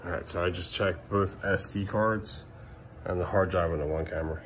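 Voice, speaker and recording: A thirty-something father vlogs at home at night, speaking to camera in a low voice with fairly even intonation at normal speed. His talk is casual and emotional, with swearing and filler words, and the camera mic records slight background noise.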